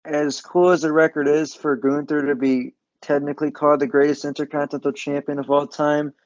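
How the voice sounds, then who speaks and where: A man's voice: on the high side, dry recording. A man in a casual wrestling chat, making a reasoned argument for his pick. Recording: dry, dull lo-fi sound.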